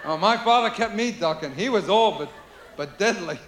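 A man performing a stand-up comedy routine, animated and shouting impressions of his parents, with audience laughter. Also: high-pitched, moderate pace. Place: live comedy venue. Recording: echoey live room with noise.

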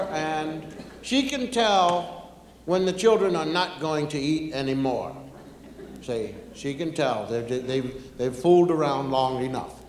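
A man with a fairly high voice tells a relaxed, conversational story to an audience. His words hang in a big hall with a long reverb tail, and a faint hiss sits underneath. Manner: unhurried, chats directly with the audience. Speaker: stand-up comedian. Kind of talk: stand-up storytelling.

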